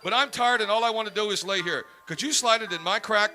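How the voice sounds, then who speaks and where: A man voicing a tired, coy female cat, breathy, drowsy and suggestive. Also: high-pitched, fast talker, heavy background noise, pitched above the performer's own voice, close to an everyday voice. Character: sleepy coy female pussycat.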